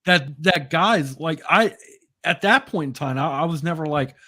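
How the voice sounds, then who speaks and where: A man's voice: on the high side, moderate pace, bright, forceful tone. A middle-aged man telling stories in casual podcast chat, swearing constantly and restarting his words. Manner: profane, storytelling with lots of cursing.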